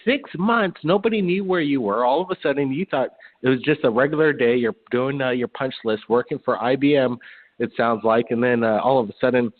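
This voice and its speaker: A man of mid pitch hosts, breaking in with short exclamations and summing up what the caller said. His voice sounds thin and narrow, like over a phone. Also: a little fast. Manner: reacts with short exclamations and recaps the story.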